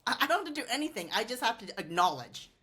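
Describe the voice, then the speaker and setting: A woman hosting a podcast conversation, explaining ideas through examples. Her pitch moves around a lot, and she often checks in with a quick "right?". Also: sing-song, bright, forceful tone, husky. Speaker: host, lawyer.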